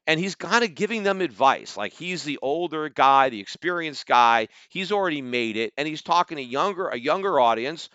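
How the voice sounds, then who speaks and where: A man's voice: mid-range voice, sharp tone, no room sound, dull audio. A middle-aged American man hosting a podcast, giving combative, sarcastic solo commentary and often asking "right?". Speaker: podcast host.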